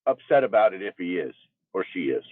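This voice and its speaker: A man's voice: low-pitched, big pitch swings, fairly quick, husky, dry recording. A man co-hosting a casual game livestream, rambling and restarting his sentences as he makes his point. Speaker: livestream co-host. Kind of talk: casual chat. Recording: tinny phone-like line.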